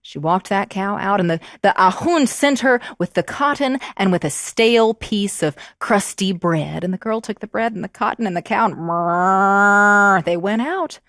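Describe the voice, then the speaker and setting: A woman storyteller telling a fairy tale to children, expressive and prompting them to join in. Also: mid-range voice, a little slow, dry recording, clean studio sound.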